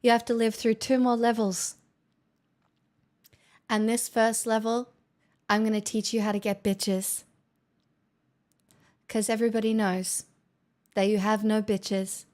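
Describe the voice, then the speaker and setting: A woman's voice: on the high side, level tone, a little slow, long pauses, a little mellow. A woman streamer chatting casually with her viewers, playful, giggly and teasing. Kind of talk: casual chat.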